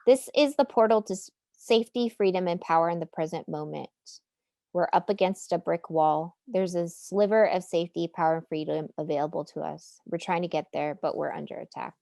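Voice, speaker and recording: Woman, artist presenting over video call, earnest and impassioned, low pitch, gravelly edge, dry sound. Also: brisk, dark tone, no room sound. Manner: earnest, impassioned, rising to a rallying close. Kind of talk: prepared presentation in a webinar.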